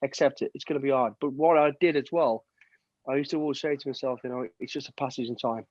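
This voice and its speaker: A man's voice: medium pitch, fast, darkish tone, no echo. A man telling army stories on a video call through earbuds, acting out the voices in his anecdotes with casual swearing. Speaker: guest, ex-soldier. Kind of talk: storytelling interview on a video call. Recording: dull, dry video-call audio.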